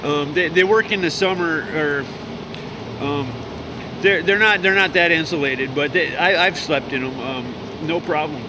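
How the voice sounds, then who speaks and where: Male, higher voice, profane stammering street rant, noisy city traffic recording. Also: measured pace. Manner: profane, stammering, lots of fillers. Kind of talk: rambling outdoor rant.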